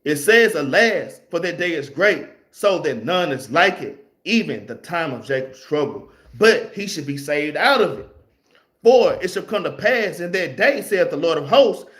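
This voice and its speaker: High-voiced man teaching scripture. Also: a bit bright. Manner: loose, conversational, ends phrases with "man"; reads scripture aloud, then explains it. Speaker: Bible class teacher. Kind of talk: casual scripture class.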